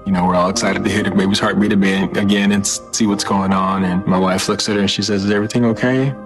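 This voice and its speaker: A man's voice: sits low, monotone, fast talker. A man giving an earnest, matter-of-fact personal testimony in an interview. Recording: music bed underneath.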